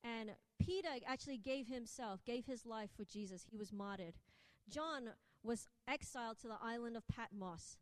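High-voiced woman preaching in an echoey hall. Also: moderate pace. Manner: earnest and conversational, with restarts. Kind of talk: sermon.

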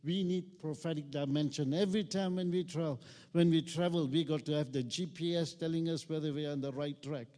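A man's voice: on the high side, steady tone, fairly quick, mellow. Preaching man in a reverberant hall. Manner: call-and-response preaching, rising to emphatic peaks. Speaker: pastor. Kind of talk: sermon. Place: church hall.

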